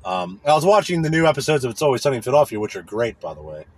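A man's voice: mid-range voice, big pitch swings, very fast, a little mellow, breathy edge. A man hosting a podcast, ranting in a profane, rambling way, often asking "you know what I mean.". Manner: profane, rambling, irritated complaining. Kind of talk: casual rant.

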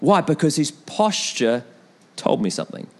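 A young man preaching a sermon in an animated way, with repeated calls to the congregation and storytelling asides. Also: on the high side, moderate pace. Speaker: pastor.

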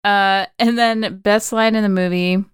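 Clear-voiced woman chatting on a podcast. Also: medium pitch, fairly even intonation, a little slow, no echo, clean studio sound. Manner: chatty storytelling, many "like" fillers. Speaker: podcast co-host. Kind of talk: casual film recap chat.

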